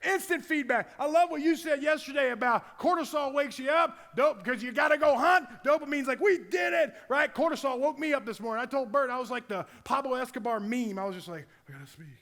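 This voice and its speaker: A middle-aged man, a football strength coach, giving an energetic conference talk, acting out his players' voices and bursting into shouts. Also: extremely high pitch, brisk, few pauses. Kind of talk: conference presentation. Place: large conference hall. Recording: long hall reverb.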